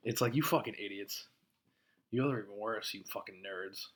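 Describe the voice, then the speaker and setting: A man's voice: on the low side, moderate pace. A man hosting a podcast, ranting casually with lots of swearing and short laughs. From Massachusetts. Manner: profane, laughing, worked-up ranting. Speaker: podcast host.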